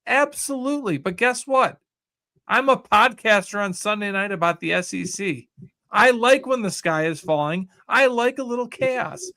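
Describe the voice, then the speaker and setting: High-voiced sarcastic man co-hosting. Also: animated, moderate pace, pushed and bright. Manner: sarcastic, mocking quoted voices. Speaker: podcast co-host. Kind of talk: casual sports talk.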